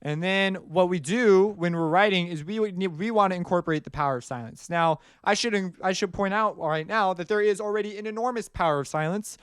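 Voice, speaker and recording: A man's voice: high-pitched, brisk, few pauses, clean tone, no echo, studio quality. A man teaching music production in a casual, rambling way, often singing rhythms aloud as he explains. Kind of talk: screen-recorded tutorial explanation.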